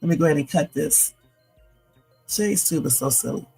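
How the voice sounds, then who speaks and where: A woman's voice: low-pitched, animated, normal speed, creaky, warm tone, husky, faint music behind, rough recording. A woman hosting a late-night livestream, tired and playful, chatting loosely and joking around as she signs off. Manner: playful, silly, loose and rambling. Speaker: livestream host. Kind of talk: casual livestream sign-off chat.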